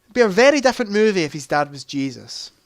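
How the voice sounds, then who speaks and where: A man's voice: high voice, very animated, quick pace, dry recording, clean studio sound. A young man hosting a casual livestream quiz, chatty, reading out answer options and adding joking asides. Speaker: livestream host.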